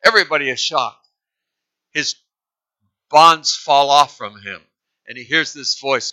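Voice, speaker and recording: A man telling a missionary story as part of a sermon, earnest and full of halting restarts. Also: medium pitch, bright, forceful tone, poor audio. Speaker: preacher.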